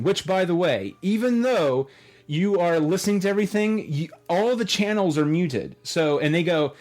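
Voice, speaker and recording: A man's voice: high voice, moderate pace. Rambling man hosting a podcast. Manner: rambling, animated storyteller who acts out quotes. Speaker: podcast host. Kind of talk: casual chat.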